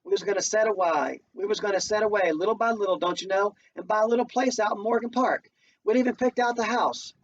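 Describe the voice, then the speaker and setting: A man voicing a devout, weary older mother who speaks in a slow, folksy dialect. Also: high-pitched, voice pushed up. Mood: wistful. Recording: distant muffled home recording, faint noise.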